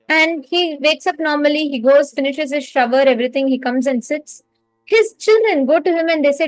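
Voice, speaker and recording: A woman's voice: high voice, a little fast, no echo, low-quality recording. A woman teaching a live online spiritual course, telling an earnest story, repeating key phrases and speaking straight to her viewers. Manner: addresses viewers directly and reads their names from the chat.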